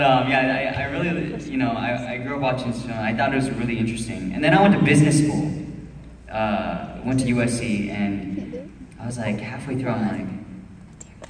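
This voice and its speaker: Young man, casual rambling panel talk, sleepy laid-back delivery, boomy hall, distant mic. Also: moderate pace, crowd noise. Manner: laid-back, rambling, drowsy, laughs often. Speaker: actor on a convention panel. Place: large convention hall. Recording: echoey hall from far off.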